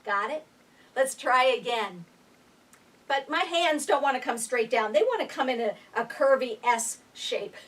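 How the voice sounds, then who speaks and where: A woman instructor calmly leading a guided chair breathing exercise, counting breaths aloud with gentle instructions. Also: high voice, a little slow. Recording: voice picked up from a distance.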